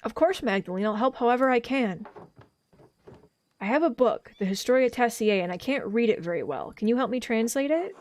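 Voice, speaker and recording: A woman's voice: a little high, expressive, fairly quick, close to an everyday voice. A woman reading the lines of a polite, curious young woman, the main character of a game.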